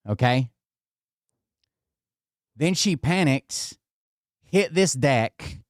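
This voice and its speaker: A man's voice: medium pitch, no echo, clean studio sound. A man vlogging from indoors at his home, telling a rambling, profane story straight to his viewers.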